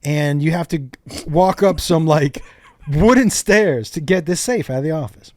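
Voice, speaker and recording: A comedian guest on a podcast, telling profane stories in lively, casual chat. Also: male voice, fairly high pitch, moderate pace, no room sound.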